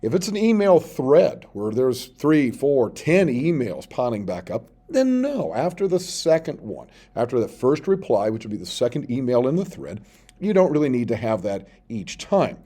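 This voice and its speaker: A male teacher giving a step-by-step tutorial, reading his sample text aloud slowly as he types it. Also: mid-range voice, big pitch swings, dark tone. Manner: explains step by step, reads out sample text slowly while typing. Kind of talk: screen-recorded tutorial.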